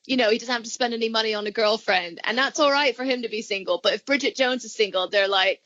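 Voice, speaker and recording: A woman's voice: on the high side, fast, few pauses, a bit bright, muffled recording. A woman who grew up in the United States and has lived in the UK for years, with an accent that mixes American and British, chatting in a friendly way and laughing often. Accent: mixed American and British. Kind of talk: casual chat.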